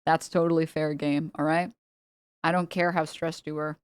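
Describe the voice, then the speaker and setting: A woman's voice: low-pitched, level tone, normal speed, clean tone, no room sound. A woman streamer in a casual reaction stream, ranting heatedly with a lot of swearing and talking straight to her chat. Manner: heated, profane, exasperated ranting.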